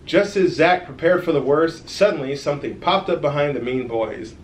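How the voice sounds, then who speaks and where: A man reading his own children's story aloud in a lively way, adding friendly asides to the kids who listen. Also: a little high, normal speed, reverberant, a little hiss or hum.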